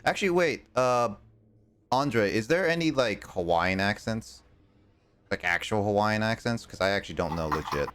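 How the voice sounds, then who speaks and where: A man's voice: on the low side, animated, moderate pace, a bit bright, slight background noise. A man streaming a game and chatting casually, rambling with many fillers and restarts, his R sounds bending slightly toward L. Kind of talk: casual chat while gaming.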